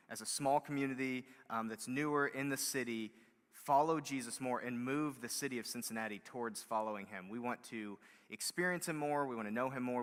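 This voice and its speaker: A male pastor gives a sermon in a loose, conversational way, dotted with fillers and rising into emphatic stretches. His voice is bright and forceful. The sound carries a long hall reverb. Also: medium pitch. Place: church hall.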